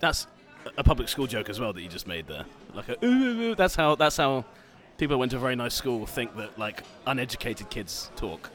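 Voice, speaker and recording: A man's voice: mid-range voice, animated, fairly quick, few pauses, a bit bright. A man co-hosting a podcast from a bar, teasing his friends with laughing, mock-outraged banter. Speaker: podcast co-host. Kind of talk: casual banter.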